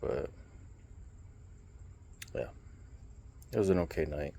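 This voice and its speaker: Low gravelly young man vlogging late. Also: takes it slowly. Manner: rambling, relaxed storytelling with many fillers. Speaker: vlogger and streamer. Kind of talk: casual late-night vlog chat.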